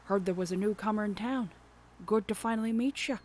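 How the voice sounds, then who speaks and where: A woman voicing a gruff, hearty old fisherman who greets people loudly. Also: fairly quick, slight background noise, close to an everyday voice. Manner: loud, booming sailor greetings.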